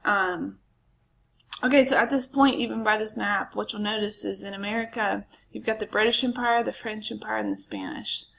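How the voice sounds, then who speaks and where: A woman's voice: mid-range voice, steady tone, normal speed, gravelly, a bit bright, poor audio. A woman history teacher giving a casual recorded lecture, chatty and full of ums, with asides to her students.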